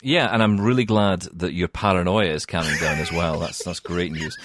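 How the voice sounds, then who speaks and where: A man's voice: sits low, steady tone, moderate pace, a bit bright, no room sound, studio quality. A man hosting a casual tech podcast, chatty and self-mocking with lots of fillers. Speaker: podcast host.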